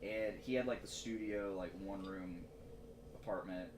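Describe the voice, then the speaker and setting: A man hosting a casual podcast chat, laughing often and mimicking people in squeaky voices. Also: steady tone, a little slow. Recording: roomy, distant mic with faint noise.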